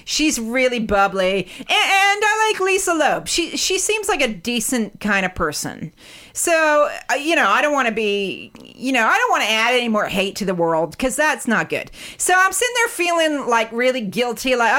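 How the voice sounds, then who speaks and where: A woman's voice: high voice, sing-song, normal speed, bright, forceful tone. A woman in casual chat who rambles, stammers and swears often. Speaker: podcast co-host.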